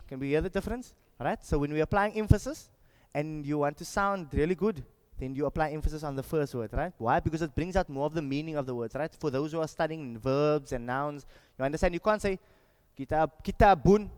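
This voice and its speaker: A man teaching Quran memorisation, leading a group through slow, drawn-out recitation drills with clear instructions. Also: fairly high pitch, a little mellow, in a large hall. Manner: instructive, repeats words slowly and drawn out.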